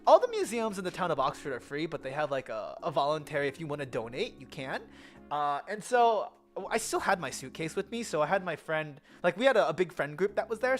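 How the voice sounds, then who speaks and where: Lively young American travel vlogger. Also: mid-range voice. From United States. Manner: rambling, filler-heavy, self-correcting. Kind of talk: casual travel vlog chat.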